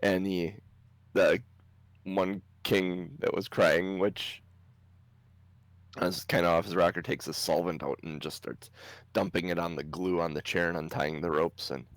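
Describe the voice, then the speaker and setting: Game master, man, low voice, dry close sound, laid-back narration. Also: level tone, unhurried, no room sound. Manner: casual, laughs often while narrating.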